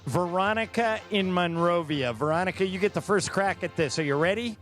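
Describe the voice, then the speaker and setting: A man's voice: sits high, brisk, fairly bright tone, faint music behind. A man co-hosting a sports talk radio show, steering the segment in a conversational way.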